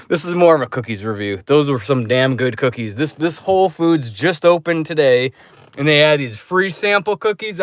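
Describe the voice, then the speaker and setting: A man telling a rambling, profane story in a casual vlog review, with loud re-enacted outbursts. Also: a little high, no echo. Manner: loose, restarting delivery. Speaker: movie reviewer. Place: dark room.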